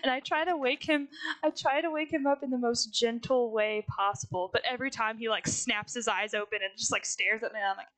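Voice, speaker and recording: A woman's voice: fairly high pitch, brisk, a bit bright, dry recording, rough recording. A young woman chatting casually on a stream, telling stories with lots of laughter and acted-out quotes. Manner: giggly storyteller, acts out quotes. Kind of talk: casual chat.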